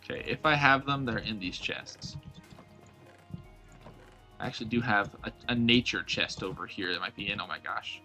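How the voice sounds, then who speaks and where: A man's voice: on the low side, normal speed, pauses often, bright, forceful tone, faint music behind. A young man streaming live gameplay, chatting playfully with his viewers and mocking his own blunders. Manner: playful, self-mocking, talks to chat.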